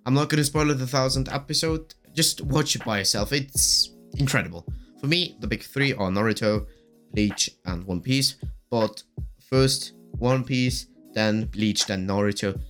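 A man's voice: mid-range voice, a little slow, fairly bright tone, soft background music. A man hosting a casual solo podcast, gushing and rambling with lots of fillers while his voice keeps cracking. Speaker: podcast host.

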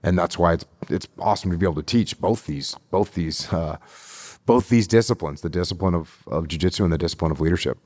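A middle-aged man answering interview questions as a leadership instructor, deliberate and repeating phrases for emphasis. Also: sits low, a little mellow, no room sound, studio quality.

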